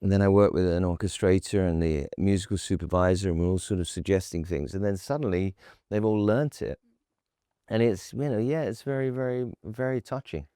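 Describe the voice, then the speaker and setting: A man being interviewed as a guest, reflective and halting, telling anecdotes. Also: low-pitched, dark tone, clear, resonant tone, no echo, clean studio sound. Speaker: actor and composer guest. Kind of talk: interview conversation.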